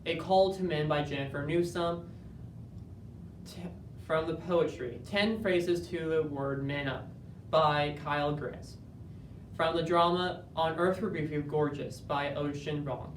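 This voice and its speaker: A man giving an earnest, measured dramatic interpretation performance that builds to moments of intense emphasis. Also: fairly even intonation. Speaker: speech competitor. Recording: roomy, distant, faint rumble.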